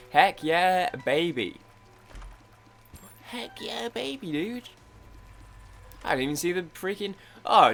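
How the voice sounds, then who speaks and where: A young man commenting casually on his own gameplay, rambling and excitable, with frequent restarts. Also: fairly high pitch, vocal fry. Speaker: gaming YouTuber. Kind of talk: casual let's-play commentary.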